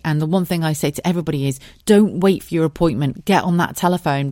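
A woman's voice: low-pitched, warm tone, no room sound, studio quality. A woman hosting a podcast, telling her own story in a frank, sweary, conversational way. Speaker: podcast host. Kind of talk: candid personal monologue.

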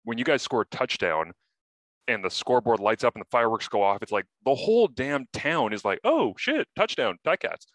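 A man who calls football games, chatting casually and telling animated stories on a sports podcast. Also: medium pitch, a little fast, no room sound. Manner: animated storyteller, swears casually. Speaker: sports broadcaster.

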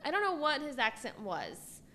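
Hairstylist from Oklahoma, woman, upbeat and giggly, a bit high-voiced. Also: huge pitch swings, moderate pace, pushed and bright. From Oklahoma, USA. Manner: bubbly, storytelling with laughs. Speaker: hairstylist guest on a podcast. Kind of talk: casual podcast chat.

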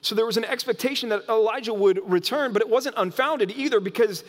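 A man preaching a sermon as pastor, in an animated way that often restarts phrases. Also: extremely high pitch, a little fast, long reverb tail. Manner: animated, acts out quoted voices, frequent restarts.

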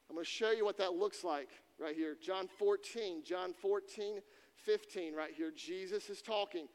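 A man's voice: high voice, unhurried, darkish tone. A man preaching a sermon to students, emphatic and repeating key phrases for weight. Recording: long reverb in a hall.

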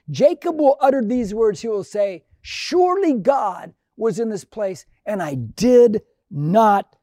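Middle-aged male pastor, sermon, emphatic repetition, warm low tone, dry sound. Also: no echo. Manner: preaching with emphatic repetition and rising calls.

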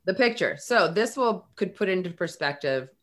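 Lower-voiced woman telling a personal story. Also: normal speed. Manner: animated, acts out quoted dialogue. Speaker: guest.

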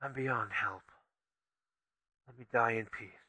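A man's voice: mid-range voice, fairly even intonation, bright, forceful tone, dry recording, full character voice, low-quality recording. A man doing a dying man's faint whisper. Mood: weak. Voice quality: faint, breathy near-whisper. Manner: slow, strained and barely audible. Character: dying poisoned man, weak and rotting.

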